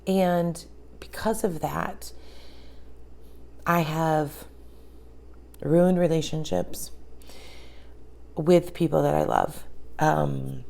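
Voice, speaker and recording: A woman in her forties speaking candidly in a reflective personal monologue, often pausing to search for words. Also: deep voice, creaky, darkish tone. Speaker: vlogger.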